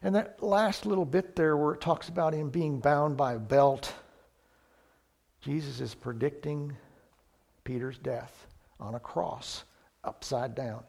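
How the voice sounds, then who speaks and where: Earnest preacher guy, high voice, takes his time, gets loud on the big points. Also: creaky. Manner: slow, earnest, rises in volume on key points. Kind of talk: sermon.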